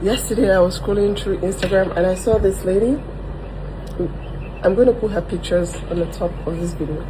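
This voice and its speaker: A woman's voice: medium pitch, fairly quick, background noise. A woman vlogging in an earnest, heartfelt way, leaning on "like" and exclamations as she tells personal stories. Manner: earnest, frequent "like" and "oh my God". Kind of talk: emotional personal vlog.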